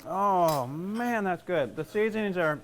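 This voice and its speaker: Chatty Southern chef, rambling and playful. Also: male voice, high-pitched, animated, unhurried, a bit bright, a little hiss or hum. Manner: chatty, rambling, self-joking. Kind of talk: casual cooking demonstration.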